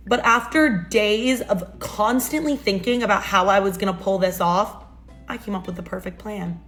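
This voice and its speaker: A woman's voice: medium pitch, fairly bright tone. Sarcastic woman telling a storytime. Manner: sarcastic, dramatic. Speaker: storytime narrator. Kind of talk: storytime narration for social video.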